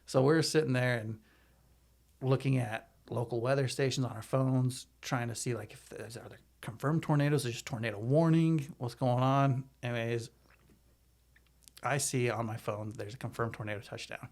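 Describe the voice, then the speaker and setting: A man, a podcast guest, telling a story in a chatty, animated way. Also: mid-range voice, normal speed. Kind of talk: casual storytelling.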